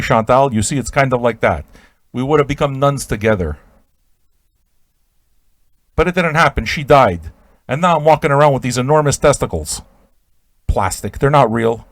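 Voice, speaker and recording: A man's voice: mid-range voice, dry recording, clean studio sound. Rambling man spinning an absurd tale. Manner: rambling absurd monologue with stammered restarts; sudden loud shouted outbursts. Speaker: radio show host. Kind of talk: improvised comic storytelling.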